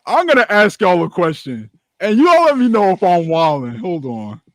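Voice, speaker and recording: A man co-hosting a casual talk stream who tells stories in heavy slang. His voice is high and very lively. The recording is dry and close. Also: normal speed, dry recording, low-quality recording. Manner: laid-back slangy storytelling, laughing. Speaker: podcast co-host. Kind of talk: casual chat.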